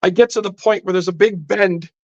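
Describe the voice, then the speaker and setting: A man's voice: high-pitched, fairly even intonation, brisk, no echo, lo-fi sound. A man on a podcast telling a personal story intensely, acting out the dialogue as he goes. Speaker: podcast guest. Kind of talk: storytelling in casual chat. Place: podcast studio.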